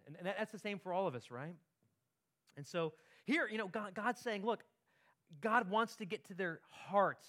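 Man preaching in a slightly high voice. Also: normal speed, a bit bright. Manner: conversational preaching, frequent tag questions and repeated words. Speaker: pastor. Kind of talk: sermon.

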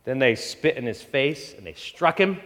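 Animated preacher in a reverberant hall. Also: male voice, mid-range voice, normal speed. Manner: animated preaching, voicing Bible figures in quotes. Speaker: pastor. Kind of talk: sermon.

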